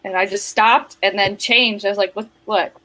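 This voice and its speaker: A woman from New Jersey, a teacher, telling stories in a casual chat with animated, self-conscious laughs. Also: mid-range voice, moderate pace, poor audio. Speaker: teacher and guest.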